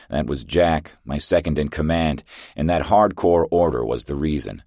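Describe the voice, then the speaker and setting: A man narrating a first-person science fiction audiobook in a steady, terse way. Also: very deep voice, normal speed, dry recording, studio quality.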